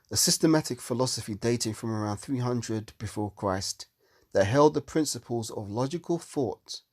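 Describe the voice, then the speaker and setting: A man's voice: mid-range voice, no room sound, studio quality. A man giving a heated, profane monologue on religion, sounding exasperated. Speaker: religious commentator.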